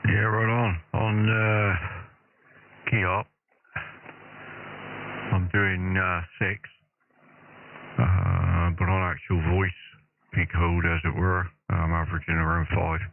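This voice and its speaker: A man's voice: sits low, flat delivery, slow pace, creaky, pauses often. A man on amateur radio giving short, laid-back replies with hesitant fillers. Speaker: ham radio operator, co-host. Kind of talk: casual banter over amateur radio. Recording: narrow radio transmission with static.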